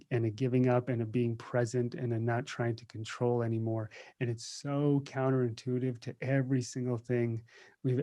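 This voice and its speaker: A mellow, medium-pitched American voice belongs to a meditation teacher guesting on a podcast. He shares casual conversational stories, jokes around, laughs often, and acts out quoted voices.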